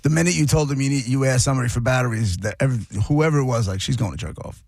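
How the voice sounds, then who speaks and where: A man's voice: mid-range voice, fast talker, darkish tone, breathy edge, no room sound, studio quality. A man hosting a casual chat, teasing his guest with crude jokes.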